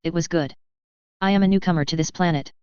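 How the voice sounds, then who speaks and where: A woman reads a first-person fan story aloud at a steady, plain pace. Her voice is lowish, very smooth and clear, recorded dry with a slightly dull, lo-fi sound. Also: fast, no room sound. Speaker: narrator.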